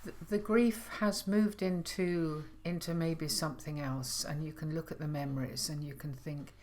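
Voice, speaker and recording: Older woman with a deep, soft voice. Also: steady tone, moderate pace, slight background noise. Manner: thoughtful, soft-spoken, with small laughs. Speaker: podcast co-host. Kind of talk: reflective casual chat.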